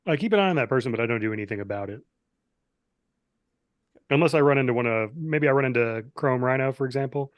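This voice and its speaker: A man's voice: mid-range voice, fast talker, pauses often, no echo, dull audio. A man playing a superhero in a tabletop game, talking casually and playfully. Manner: playful, slips into a mock French accent. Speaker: player.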